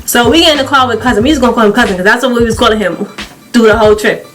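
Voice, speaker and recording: Young woman vlogger, slightly high voice, chatty storyteller who keeps laughing, faint music behind. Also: racing. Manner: animated, chatty, often laughing. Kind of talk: casual storytime.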